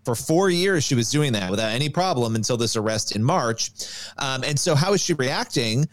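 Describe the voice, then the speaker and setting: A man who reports news, co-hosting a podcast and explaining a story in a steady, conversational way. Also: mid-range voice, moderate pace, dry recording. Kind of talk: casual news chat.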